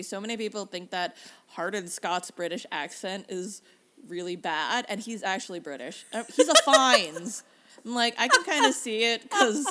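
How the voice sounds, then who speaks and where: A young woman from Canada, co-hosting a casual podcast chat, sarcastic and animated, swearing freely. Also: medium pitch, slight background noise. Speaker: podcast co-host.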